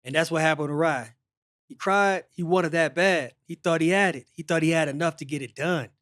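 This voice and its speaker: Man, host, high voice, casual sports chat, lively, repeats himself, dry sound. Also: a little fast, dry recording. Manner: animated storytelling, repeats phrases. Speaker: show host.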